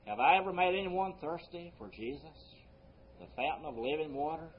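A male pastor preaching a sermon, swinging between loud emphasis and quiet low phrases, slowing down on scripture quotes. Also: animated, lo-fi sound, slight background noise.

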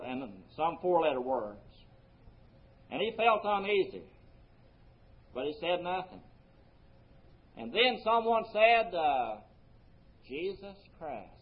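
Earnest preaching man, muffled lo-fi sound. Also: a little high. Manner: earnest preaching, rising emphasis then dropping soft. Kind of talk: sermon. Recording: muffled lo-fi recording.

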